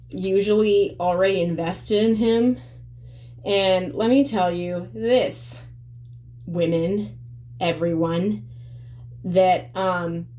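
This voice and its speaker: A woman's voice: mid-range voice, a little mellow. Blunt, swearing woman vlogger. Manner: blunt, profane and emphatic; rambling with many fillers. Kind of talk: casual monologue to camera.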